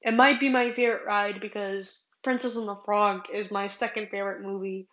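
A woman's voice: medium pitch, fairly even intonation, normal speed, a bit bright, echoey room, highs cut off. A woman from California hosting a casual solo podcast, rambling with many fillers and restarts. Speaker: podcast host.

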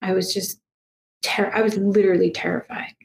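A woman guest telling a personal story in a soft, emotional way, halting and full of fillers and restarts. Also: medium pitch, level tone, gravelly, reverberant. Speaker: guest, past life regression therapist.

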